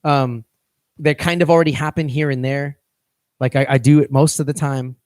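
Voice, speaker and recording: A man's voice: medium pitch, steady tone, moderate pace, darkish tone, no room sound, studio quality. A man co-hosting a fitness coaching podcast, talking casually and rambling, often restarting his phrases.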